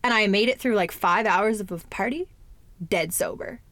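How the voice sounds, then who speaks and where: Young woman just talking it out, chatty and blunt, mid pitch, dry close mic. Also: normal speed, fairly bright tone, no echo. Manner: candid, chatty, fillers and swearing. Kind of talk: casual personal chat.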